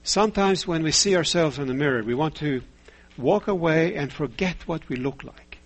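A man delivers a sermon in a steady, measured way, often pausing to ask rhetorical questions and tell stories. His voice sits a little high and has a husky edge. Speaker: preacher.

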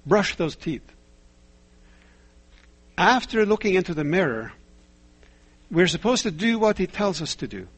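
Husky-voiced male preacher. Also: sits high, sing-song. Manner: measured preaching with rhetorical questions and stories. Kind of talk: sermon.

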